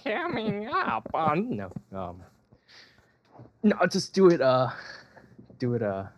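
A man co-hosting a film podcast, speaking in a halting, self-deprecating way. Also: fairly high pitch, huge pitch swings, dull audio. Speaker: podcast co-host. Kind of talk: casual podcast chat.

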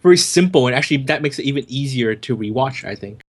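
A man's voice: medium pitch, lively intonation, fast. Chatty American man, casual podcast co-host. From United States. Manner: chatty, self-amused, many fillers and restarts. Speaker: co-host and film journalist.

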